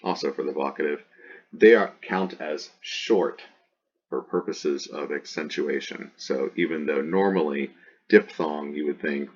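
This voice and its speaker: Slow deep-voiced man teaching grammar. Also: muffled recording. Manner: chants paradigm forms in a rising sing-song, explains patiently. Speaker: Greek language teacher. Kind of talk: recorded grammar lesson.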